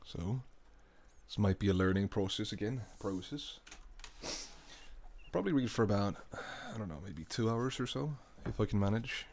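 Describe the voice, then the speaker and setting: A man's voice: lowish voice, lively intonation, moderate pace, darkish tone, slight background noise. A young man chatting casually on a live stream, thinking aloud and trailing off into mumbles.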